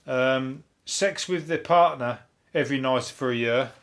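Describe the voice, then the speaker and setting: A man from Birmingham with a Brummie accent, hosting a solo comedy podcast, riffing on the news in a deadpan, sweary, rambling way. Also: medium pitch, unhurried. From Birmingham, England.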